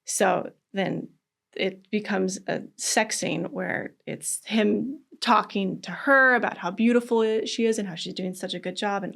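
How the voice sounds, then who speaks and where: A woman guest in a casual interview, telling animated stories, acting out quotes, laughing often. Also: mid-range voice, a little slow, creaky.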